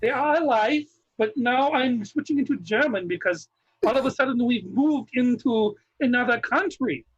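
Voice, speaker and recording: A man's voice: very high-pitched, animated, normal speed, breathy edge, highs cut off. A man performing in an improvised comedy scene on a video call, sliding playfully between silly put-on accents.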